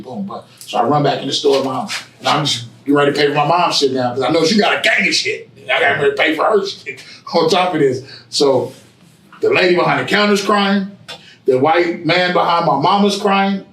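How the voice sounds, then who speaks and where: A man's voice: a little high, brisk, a bit bright. Rambling man telling a story in an echoey room. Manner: rambling, repetitive, peppered with profanity and "you know what I'm saying". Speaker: interview guest. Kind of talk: casual storytelling conversation. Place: barbershop, indoors. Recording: echoey room, mic at a distance.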